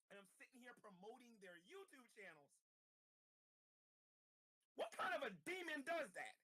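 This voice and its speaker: A man's voice: extremely high pitch, very animated, measured pace, pauses often, pushed and bright. Agitated man ranting, stammering and repeating himself. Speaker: street evangelist vlogger. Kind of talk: angry ranting video monologue.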